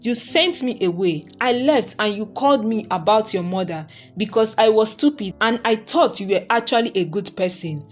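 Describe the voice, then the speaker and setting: A woman's voice: medium pitch, lively intonation, moderate pace, hardly any pauses, faint music behind, close to an everyday voice. A woman voicing a wronged young woman who accuses her rival and insists on her innocence, in a storybook reading. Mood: pleading. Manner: accusing, defiant.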